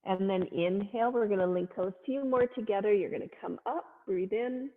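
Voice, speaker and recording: A woman leading a family yoga class, cueing poses gently and playfully with little animal sounds. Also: mid-range voice, normal speed, hardly any pauses. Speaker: yoga instructor. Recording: phone-like sound in a long-echo room.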